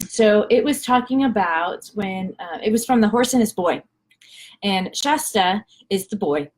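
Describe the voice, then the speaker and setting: Chatty woman vlogger. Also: mid-range voice. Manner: chatty, lots of fillers and restarts while retelling. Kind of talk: casual storytelling vlog.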